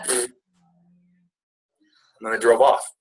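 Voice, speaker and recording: A man speaking at a business retreat, telling a personal story to a live audience in a lively, conversational way, often calling them "you guys.". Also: medium pitch, slow, rough recording.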